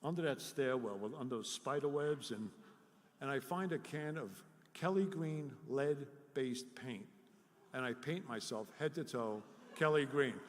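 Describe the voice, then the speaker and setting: A man's voice: medium pitch, measured pace. Middle-aged man telling stories in a hall. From Jersey City, New Jersey. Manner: animated, self-deprecating storyteller. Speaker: recovery workshop speaker. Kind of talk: live storytelling talk. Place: workshop hall before an audience. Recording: echoey hall with long reverb.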